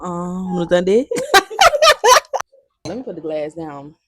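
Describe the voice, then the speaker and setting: A woman's voice: fairly low pitch, huge pitch swings, drawn-out words, fairly bright tone, no room sound. A woman in her twenties with a Jamaican accent, chatting playfully to her viewers and switching between languages. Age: 20s. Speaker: vlogger. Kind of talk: casual chat.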